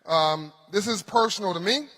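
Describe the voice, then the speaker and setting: A man's voice: high voice, normal speed. A man hosting a forum, telling a humorous anecdote on a conference stage. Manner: animated anecdotal storytelling with humor. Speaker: forum founder and host. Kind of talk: storytelling keynote speech. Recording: reverberant conference hall.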